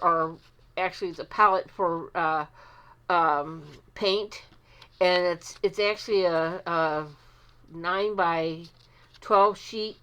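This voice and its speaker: A woman's voice: fairly low pitch, a bit bright. A woman hosting her own art vlog, chatting casually and poking fun at herself, with plenty of fillers as she sets up at her desk. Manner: self-deprecating, chatty with many fillers. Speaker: art channel host.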